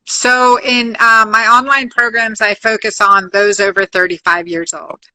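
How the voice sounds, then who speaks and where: A woman's voice: medium pitch, flat delivery, unhurried, bright, forceful tone, low-quality recording. A middle-aged woman physician, a guest in a podcast interview, talking upbeat and often restarting her sentences as she lists her points.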